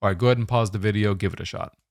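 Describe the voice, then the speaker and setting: A man giving a test-prep lesson, explaining question types in a steady, methodical way. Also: lowish voice, racing, dry recording, clean studio sound.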